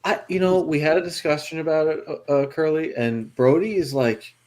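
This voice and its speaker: A man's voice: fairly high pitch, moderate pace, over a noisy crowd. A man co-hosting a casual chat, telling stories with plenty of swearing and laughter. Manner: storytelling, profane, laughing. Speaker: co-host. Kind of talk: casual food chat on a show.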